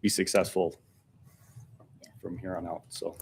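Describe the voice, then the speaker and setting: Earnest low-voiced man, former city worker, thanking the council at public comment in a council chamber. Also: little pitch movement, a little slow, vocal fry, breathy edge. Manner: earnest, a little choked up. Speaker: former public works supervisor speaking at public comment.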